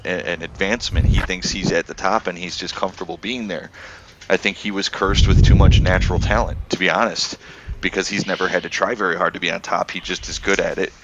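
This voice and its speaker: A man chatting casually on a gaming stream, reflective and profane. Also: very noisy. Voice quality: profane, reflective, quotes others in high mocking voices. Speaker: gamer on a voice chat stream. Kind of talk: casual chat about a space game.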